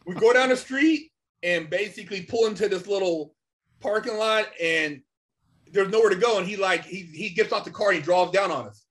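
A man's voice: high-pitched, moderate pace, a bit bright. A man, a podcast guest, telling a story in a casual, slangy way, full of "man" and "you know".

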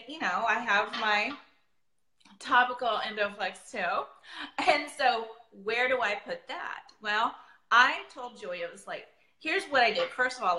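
Bright-voiced chatty woman in her forties. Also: medium pitch, reverberant, low-quality recording. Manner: chatty, rambling, laughs often. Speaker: essential oils presenter. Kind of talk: casual chat.

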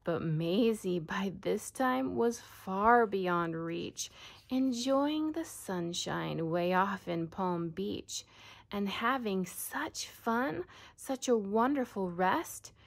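A woman reading a children's storybook aloud in a soft, often whispered voice. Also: mid-range voice, animated, drawn-out words, gravelly.

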